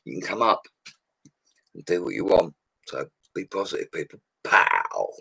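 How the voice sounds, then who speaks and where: Deep and husky with vocal fry and a fairly bright tone, this man talks at normal speed with no echo. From his home studio he hosts a live stream, casually reading viewer comments in an upbeat, slangy way and laughing often.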